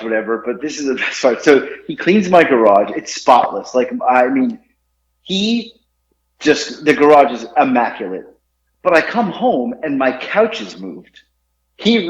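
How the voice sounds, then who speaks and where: A man in his forties telling stories on a casual podcast, animated and laughing often. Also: fairly high pitch. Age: 40s. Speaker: podcast co-host. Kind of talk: casual storytelling chat. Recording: roomy, dull lo-fi sound.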